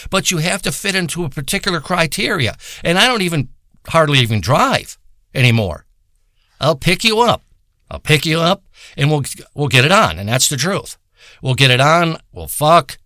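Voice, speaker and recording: Man, crude comedic monologue, boastful profane ranting, bright tense voice, dry close sound. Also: on the high side, sing-song, moderate pace, no echo. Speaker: comedic performer.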